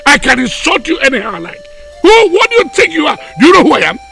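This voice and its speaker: A man with a Nigerian accent playing a hot-tempered, boastful village chief who shouts insults and slips into Igbo. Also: very high-pitched, wildly swooping pitch, quick pace, vocal fry, over music, full character voice. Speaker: chief in council.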